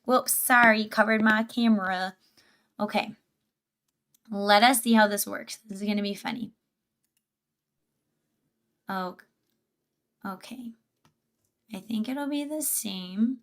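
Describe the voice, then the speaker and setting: A woman's voice: mid-range voice, slow pace, pauses often, a bit bright. A woman hosting a livestream, chatty and giggly, reacting to a video and reading chat aloud from a home setup. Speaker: livestream host. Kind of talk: casual livestream commentary.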